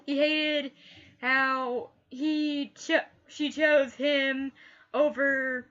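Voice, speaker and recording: A woman with a bright, high voice talks through a TV episode at an unhurried pace. She gushes and often repeats the last word she said. The recording is a little dull and lo-fi. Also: little pitch movement. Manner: gushing, repeats last words like an echo. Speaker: TV reviewer. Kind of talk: casual spoken review.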